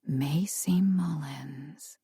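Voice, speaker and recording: A woman voicing a distraught, tearful girl in a dark audiobook story. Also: low-pitched, extremely slow, gravelly, husky, dry recording, clean studio sound, full character voice. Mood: eerie whisper. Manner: pleading then eerie whisper.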